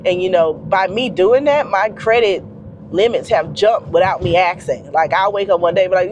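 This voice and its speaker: A woman's voice: lowish voice, moderate pace, darkish tone, slight background noise. A woman vlogger with a stuffy nose, rambling in casual chat straight to her viewers.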